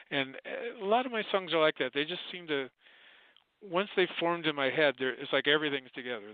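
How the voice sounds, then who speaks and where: A man chats about his music over a phone-quality line. His voice is smooth and clear at an average pitch, and he speaks thoughtfully, often stopping and restarting his sentences. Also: no room sound. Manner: thoughtful, halting with many restarts. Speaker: musician guest. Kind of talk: casual radio interview.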